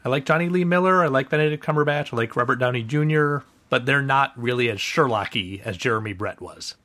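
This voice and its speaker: A man's voice: mid-range voice, fairly quick, pushed and bright, dry recording. A man speaking as a guest on a casual podcast panel, wry and teasing.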